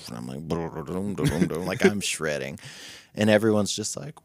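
A man's voice: low voice, very animated, slow pace, vocal fry, dry recording. A man, a podcast guest, telling a long story in casual chat, acting out the voices and laughing often, with a loose manner that swears freely. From Nashville music scene.

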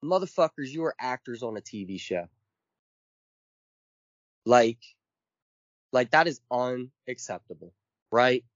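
A man's voice: mid-range voice, lively intonation, measured pace, long pauses, dry recording. A man co-hosting a podcast, ranting casually and emphatically with lots of swearing, counting off his points one by one. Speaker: podcast co-host. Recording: dull lo-fi dry sound.

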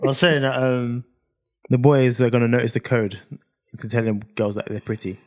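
A man cracks dry, teasing jokes in a relaxed podcast chat. His voice sits at a middle pitch for a man, and his delivery stays laid-back and wry. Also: moderate pace. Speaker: podcast co-host.

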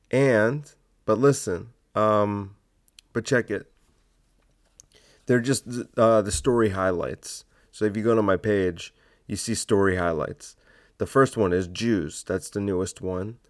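Guy rambling on his own podcast, kinda low voice, dead dry sound, blunt and offhand. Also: no room sound. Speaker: podcast host. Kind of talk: casual solo podcast monologue.

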